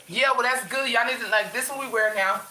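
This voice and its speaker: A woman's voice: on the high side, brisk, sharp tone, roomy sound, a little hiss or hum, poor audio. A woman chatting casually with viewers from her bedroom, talking in a loose, rambling way with a runny nose. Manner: chatty, addresses viewers as y'all, lots of restarts. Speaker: vlogger. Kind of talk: casual livestream chat.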